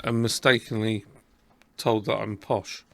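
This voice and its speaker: Chatty gravelly southern English man. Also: on the low side, fairly even intonation, measured pace, no room sound. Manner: chatty, rambling, self-deprecating. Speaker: podcast host. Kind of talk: casual chat.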